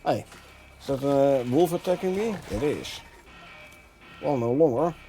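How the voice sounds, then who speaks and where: A young man with a Dutch accent talks slowly and easily at a desk mic, chuckling now and then as he answers chat. His voice is mellow and warm. Game music plays faintly behind him. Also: medium pitch. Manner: relaxed, chatty, chuckles often, drifts between languages. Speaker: game streamer. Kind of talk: casual gameplay commentary, reading chat.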